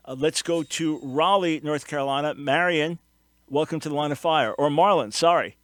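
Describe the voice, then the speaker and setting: A man hosting a call-in radio show, voice pitched a little high and recorded very dry. He explains each point earnestly, pressing hard on the key words. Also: moderate pace, no echo.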